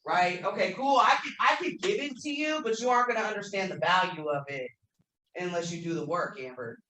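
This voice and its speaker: Candid woman sharing, bright voice, echoey room. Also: lowish voice, expressive, a little fast. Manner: candid, emotional, swearing, self-deprecating humor. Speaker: workshop speaker. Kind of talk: personal recovery share. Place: convention meeting room. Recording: echoey room, faint noise.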